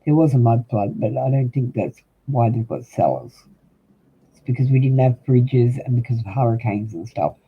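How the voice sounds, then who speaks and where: An older Australian man doing tarot on a livestream talks at normal speed in an expressive, medium-pitched voice. He rambles casually, ums frequently and speaks straight to the chat. The recording has a tinny, husky, phone-like quality.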